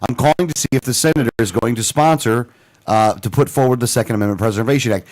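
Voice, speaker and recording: A man's voice: medium pitch, fast talker. A man co-hosting a radio talk show, animatedly retelling a phone call with many restarts and quoted lines. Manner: animated storyteller, lots of restarts and quoted dialogue.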